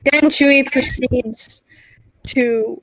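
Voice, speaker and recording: A woman's voice: high voice, steady tone, drawn-out words, fairly bright tone, poor audio. A woman co-hosting a podcast in casual, playful chat, often laughing. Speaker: podcast co-host.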